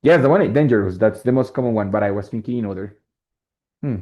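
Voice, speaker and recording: A man's voice: on the low side, fast talker, a little mellow. A man with a Spanish accent teaching an English lesson in a classroom, explaining step by step and often checking with "right?". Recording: dull lo-fi classroom recording.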